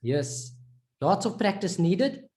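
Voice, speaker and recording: Teaching a live online pronunciation class, a woman encourages her students and repeats syllables over and over to show how they're said. Her mid-range voice is warm and slow-paced, with big swings in pitch.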